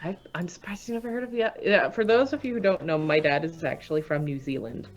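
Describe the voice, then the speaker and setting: A woman's voice: sits low, fast, soft background music. A Canadian woman co-hosting a live stream, chatting casually and laughing often. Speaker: stream co-host.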